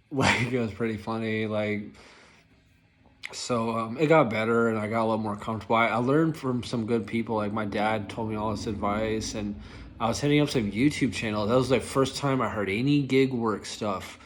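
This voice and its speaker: Rambling young man, fairly low voice. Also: moderate pace. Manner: rambling, filler-heavy, lots of "like". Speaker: rideshare driver telling stories. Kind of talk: casual storytelling vlog.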